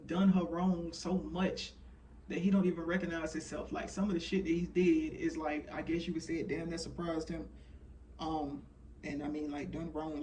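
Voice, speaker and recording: A man's voice: fairly high pitch, a little mellow, distant mic, slight background noise. A man in his thirties giving a casual, rambling monologue full of fillers and blunt profanity. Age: 30s. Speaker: channeler sharing messages.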